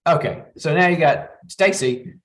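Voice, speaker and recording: A man's voice: on the high side, normal speed. A middle-aged man hosting a live advice show, coaching callers and acting out both sides of a conversation. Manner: warm coaching, acts out both sides of a talk. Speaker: psychologist host.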